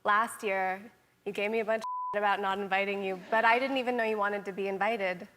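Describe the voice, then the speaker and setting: A woman's voice: mid-range voice, fairly even intonation, fast talker, noisy background. A woman guest on a talk show, teasing and defending herself. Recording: reverberant studio.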